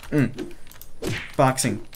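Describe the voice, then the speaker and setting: A young man giving casual gameplay commentary, excitable, swearing mildly and sometimes dropping to a whisper. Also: very slow, background noise.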